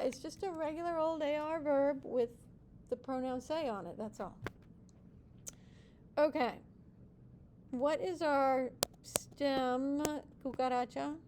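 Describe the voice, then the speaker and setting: A woman's voice: sits high, a little mellow, a little hiss or hum. A woman teaching a Spanish class, explaining step by step, checking in with students and mixing in Spanish praise and playful nicknames.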